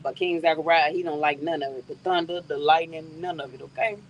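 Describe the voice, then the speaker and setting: A woman's voice: sits low, brisk, lo-fi sound. A middle-aged woman hosts a casual live stream from her yard, speaking into a phone. She chats freely with her viewers and laughs often. Faint crickets and outdoor noise sit behind her voice. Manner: chatty, laughs often, talks to viewers as y'all.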